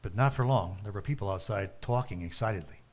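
A man narrating a story with a steady, earnest reading manner. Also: on the low side, brisk.

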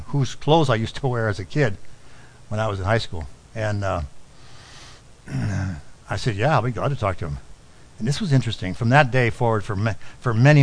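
A middle-aged man preaching a sermon, telling a personal story and dropping to a soft, low voice on key lines. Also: low-quality recording. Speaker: pastor.

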